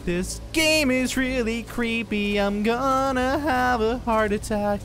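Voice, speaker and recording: A man's voice: very high voice, takes it slowly, hardly any pauses, a bit bright, soft background music. A young man playing a horror game and commenting on it, jumpy and exclaiming, with bursts of nervous laughter. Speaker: gaming YouTuber. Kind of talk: horror let's play commentary.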